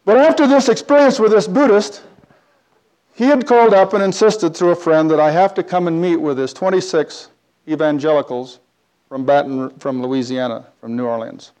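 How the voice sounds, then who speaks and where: A man telling a personal story in a talk, animated, with big swings between loud and quiet. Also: on the high side, normal speed.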